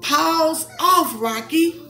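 A woman, reading a picture book aloud to her young child in a soft, coaxing way, with asides. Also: sits high, drawn-out words, soft background music.

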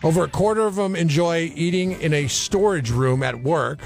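A man's voice: a little high, moderate pace, vocal fry, soft background music. A man co-hosting a radio talk show, joking and acting disgusted in casual banter. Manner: joking, mock-disgusted, slips into put-on British voice. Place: radio studio.

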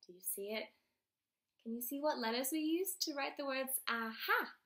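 A woman's voice: high-pitched, moderate pace, a bit bright. A woman teaching young children, reading a picture book aloud, asking simple questions and sounding out letters.

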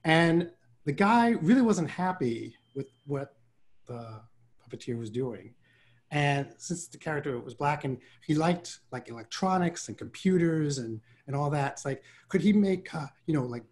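A man from Harlem, a puppeteer guest, telling stories in a casual video-call conversation, animated and quick to act out quotes and laugh. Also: a little high. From Harlem, New York.

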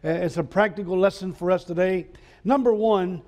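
A man's voice: sits high, normal speed, a little mellow. A man preaching a sermon as pastor in a school chapel, speaking earnestly with frequent filler sounds.

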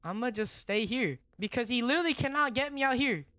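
A young man streaming a horror game, jumpy and excitable, who repeats himself in slangy bursts and drops to a whisper when tense. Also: very high-pitched, a little fast, no echo. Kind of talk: live gaming commentary.

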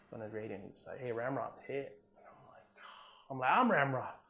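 A man, an Army combat veteran from Southern California, telling a war story in a casual interview, relaxed and profane, full of "man" and "you know", acting out the quotes. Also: medium pitch, fast, creaky.

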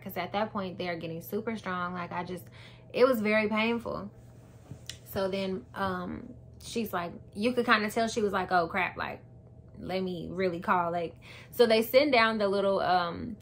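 A young woman telling a birth story to her viewers in animated, casual chat, acting out what people said. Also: mid-range voice, slight background noise. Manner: animated, addresses viewers as y'all, acts out quotes.

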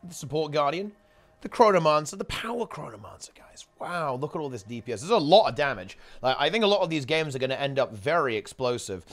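A man's voice: fairly high pitch, expressive, fast, a bit bright. A man casting a live online game tournament in a chatty, rambling way, often correcting himself mid-sentence. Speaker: esports tournament commentator. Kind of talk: casual live game commentary.

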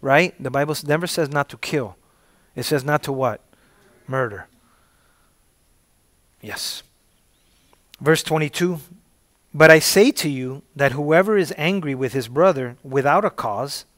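Emphatic preacher man, slightly high voice. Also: dry recording. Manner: call-and-response, repeating "say amen if you're with me"; emphatic, bursts of loud emphasis. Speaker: pastor. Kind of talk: sermon.

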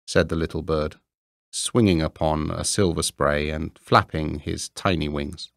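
A man reading a classic fairy tale aloud, slow, deliberate and expressive. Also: rumbling low, gravelly, dry recording, studio quality. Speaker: reader. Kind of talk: storybook narration.

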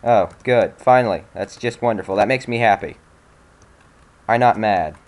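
This young let's-play gamer talks casually over his game at a normal pace, his voice fairly low. He's sarcastic, swears, and breaks into sudden frustrated outbursts.

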